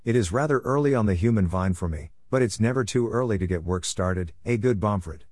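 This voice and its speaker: A man's voice: lowish voice, lively intonation, fairly quick, darkish tone, no echo. A man voicing a scheming, boastful male affliction spirit who mocks and gloats in a storybook tale. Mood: gloating.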